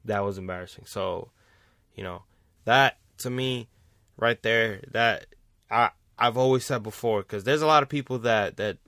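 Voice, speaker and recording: A man's voice: lowish voice, moderate pace, a bit bright, no echo, studio quality. Blunt, profane man ranting about sports. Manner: blunt, profane, repeats points for emphasis. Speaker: sports commentator, vlog host. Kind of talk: casual sports rant.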